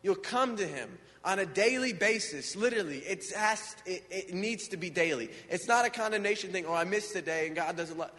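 A man's voice: high-pitched, expressive, a little fast, hardly any pauses, fairly bright tone. A man giving an informal, conversational sermon, earnest and full of questions to his listeners, recorded with hall reverb. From United States. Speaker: preacher.

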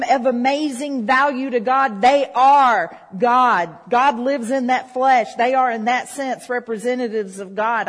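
Woman, sermon, conversational preacher, breathy tone, church hall with long reverb. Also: sits high. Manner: conversational, talks with the congregation.

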